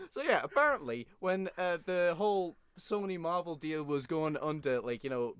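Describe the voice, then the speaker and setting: A man co-hosting a podcast in casual chat, ranting with animated energy and swearing freely. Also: a little high, smooth. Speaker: podcast co-host.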